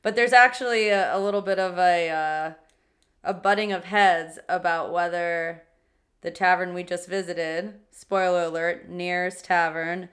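A young American woman co-hosting a casual podcast, chatty and quick to laugh, often restarting her sentences. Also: fairly low pitch, steady tone, fairly bright tone. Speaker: podcast co-host. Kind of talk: casual chat.

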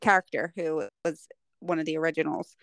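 A woman's voice: deep voice, fairly quick, vocal fry, dry recording. A woman co-hosting a podcast, telling stories animatedly and saying "like" a lot. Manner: animated storyteller, lots of "like". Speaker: podcast co-host. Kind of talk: casual chat.

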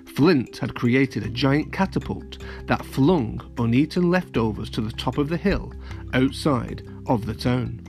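A man narrating a children's storybook in an even, plain reading voice of middle pitch. Soft music plays faintly beneath him. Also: a little slow, vocal fry. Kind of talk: storybook read-aloud.

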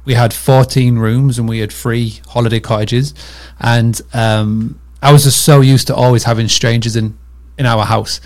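A Northern English man speaks as a podcast guest, his voice gravelly with a touch of fry. He tells his story in loose, chatty sentences full of fillers. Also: mid-range voice, fairly even intonation, normal speed, a little mellow. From England. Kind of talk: casual interview chat.

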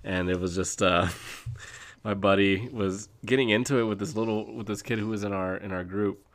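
A young man casually telling gaming stories, animated and laughing as he goes. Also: lowish voice, moderate pace. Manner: animated, laughing storyteller who shouts quoted lines. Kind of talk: casual storytelling.

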